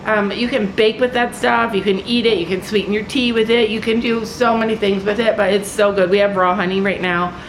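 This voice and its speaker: A woman vlogging outdoors on a snowy farm, chatting excitedly to her viewers and often repeating herself. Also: mid-range voice, brisk, few pauses, slight background noise, low-quality recording. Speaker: vlogger on a family homestead. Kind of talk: casual vlog talk to camera.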